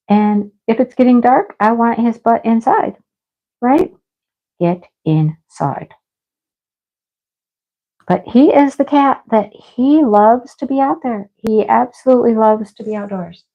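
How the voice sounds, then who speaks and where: A woman's voice: a little high, normal speed. A middle-aged woman livestreaming from home, chatting casually and rambling through a story with scolding asides. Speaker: livestream host. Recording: slightly dull lo-fi sound.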